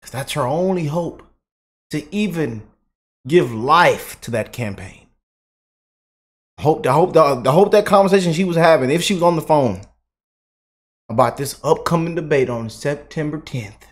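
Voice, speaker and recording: A man's voice: a little high, normal speed, pauses often. Guy doing his commentary vlog, slangy and sarcastic, voice bouncing all over. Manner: animated, slangy, mocking asides. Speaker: political commentary YouTuber.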